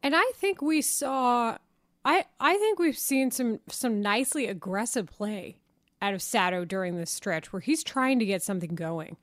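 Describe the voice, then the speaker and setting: A woman co-hosting sports talk radio in a studio, lively and questioning. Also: a little high, moderate pace, no echo. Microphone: studio mic.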